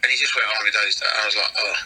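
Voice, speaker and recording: Fast husky comedian telling stories. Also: male voice, fairly low pitch, rough recording. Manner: lively storyteller acting out quotes. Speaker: comedian guest. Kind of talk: casual anecdote telling.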